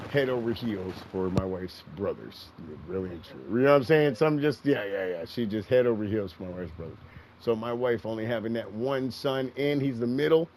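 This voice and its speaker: Gravelly profane middle-aged man rambling. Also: on the low side, a little mellow, a little hiss or hum, low-quality recording. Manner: profane, rambling, repeats himself. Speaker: gaming streamer. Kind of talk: casual storytelling while gaming.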